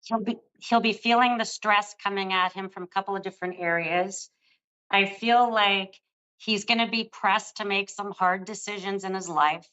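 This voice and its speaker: Older female psychic host, gentle and affectionate reading, bright tone, muffled lo-fi sound. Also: medium pitch, steady tone, normal speed. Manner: soothing, affectionate, calls the caller love. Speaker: psychic reader. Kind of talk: live psychic reading on air.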